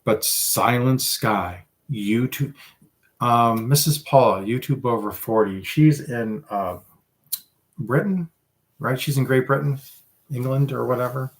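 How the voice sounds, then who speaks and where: A man's voice: mid-range voice, slow. A man hosting a casual livestream, chatting with viewers in a rambling, self-deprecating way. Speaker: livestream host.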